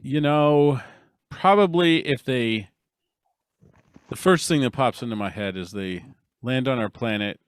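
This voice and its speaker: A man's voice: medium pitch, a little slow, pauses often, clean tone, dry recording, studio quality. A man co-hosting a casual podcast chat, laid-back and laughing at his own asides. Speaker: podcast co-host.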